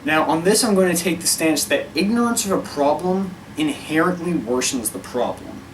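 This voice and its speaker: A man with a voice a touch higher than most chats casually to camera. He is wry and wanders off track, catching himself mid-thought. He sits a little back from the mic, with a faint room hum underneath. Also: expressive, normal speed, far from the mic, rough recording. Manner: wry, rambling, self-interrupting. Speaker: vlogger. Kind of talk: casual opinion vlog.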